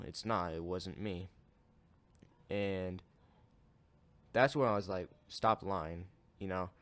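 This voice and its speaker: A man telling an absurd story in a casual storytime monologue, deadpan and matter-of-fact. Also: lowish voice, no room sound.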